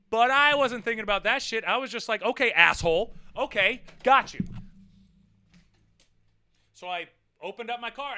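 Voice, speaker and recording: A man with a high-pitched voice tells a personal story straight to the camera in a casual vlog. His tone is bright and a little sharp, full of swearing. He drops into low mutters, then climbs into loud, heated outbursts. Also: smooth. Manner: profane, animated, swings from mutters to near-shouting. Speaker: vlogger.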